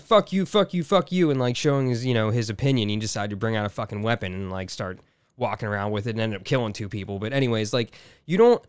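Annoyed guy venting on a podcast, medium pitch, rambly, swears a lot, dry sound. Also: clean tone, dry recording. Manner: exasperated, rambling, frequent restarts and swearing. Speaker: podcast co-host. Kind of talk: casual podcast chat.

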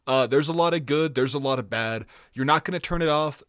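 Fairly quick and fairly bright, this man's voice sits on the high side as he co-hosts a podcast. He rambles in casual conversation, laughing a lot and swearing without restraint. The recording is studio quality, with no room sound.

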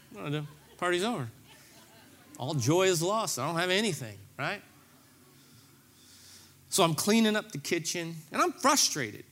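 A man's voice: sits high, sharp tone. A middle-aged man preaching a sermon, telling a story with self-deprecating humor and acting out his own reactions. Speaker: pastor.

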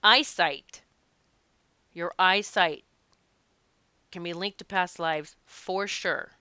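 A woman who works as a past life regression practitioner, talking casually to her audience and telling stories in an animated, emphatic way. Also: fairly low pitch, slow, clean tone, no echo. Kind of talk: casual spoken talk to an audience.

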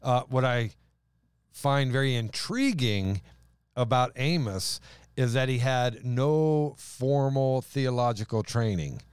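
A man hosting a casual Bible discussion, animated and emphatic, acting out scripture lines. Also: medium pitch, takes it slowly, clear, resonant tone, no echo. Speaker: podcast host.

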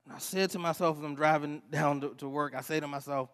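A man delivers a sermon with a high, light voice, shifting between personal stories and scripture. He talks to the congregation in an animated, conversational way. The sound carries a long reverb from a church hall. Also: fast, clean tone. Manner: animated storytelling preacher, conversational asides. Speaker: pastor.

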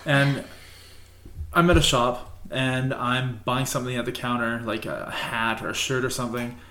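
A man's voice: mid-range voice, steady tone, normal speed, bright, forceful tone. Joking man in an echoey room. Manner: crude, joking, laughs through stories. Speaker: podcast host. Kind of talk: casual storytelling chat. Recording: roomy echo.

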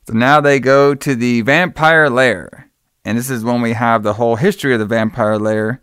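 Easygoing man with a smooth, resonant voice who rambles through a movie recap, full of fillers and swearing. The sound is dry and close. He speaks at a mid pitch. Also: moderate pace, fairly bright tone, dry recording. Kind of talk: casual movie recap chat.

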